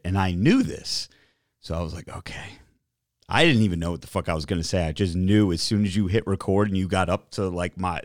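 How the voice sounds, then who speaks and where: A man's voice: deep voice, no room sound, studio quality. A man co-hosting a casual chat, brash and heavily profane, with crude joking rants. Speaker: podcast co-host.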